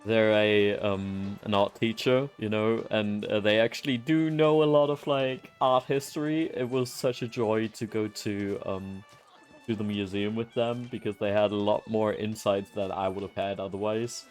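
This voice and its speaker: A man's voice: lowish voice, flat delivery, normal speed, darkish tone, clean tone, soft background music. A man streaming a game, chatting casually, easily delighted and cursing now and then. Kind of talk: casual gameplay commentary.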